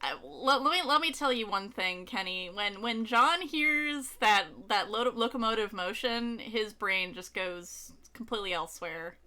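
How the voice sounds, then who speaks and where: A woman's voice: mid-range voice, expressive, pushed and bright. A woman streaming a game, chatting casually with a friend in a bubbly, teasing way. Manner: bubbly, teasing, quick to laugh. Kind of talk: casual chat while playing a game.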